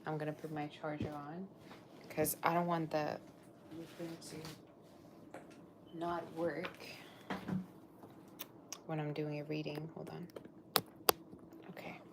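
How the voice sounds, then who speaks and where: A woman's voice: sits low, level tone, slow pace, long pauses, very noisy. A woman reading tarot on a live stream, gushing over her viewers and chatting loosely between cards. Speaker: tarot reader.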